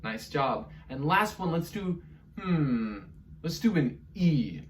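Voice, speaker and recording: A man teaching an online music lesson to young children, encouraging them through vocal warm-ups. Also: on the high side, animated, slow, distant mic, a little hiss or hum.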